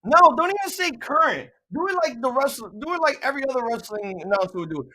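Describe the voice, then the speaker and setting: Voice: high voice, big pitch swings, fast talker, rough recording. Young new york streamer ranting and cussing, voice jumps all over the place. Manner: loud, profane, joking rants. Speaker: live-stream co-host. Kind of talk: casual live reaction stream.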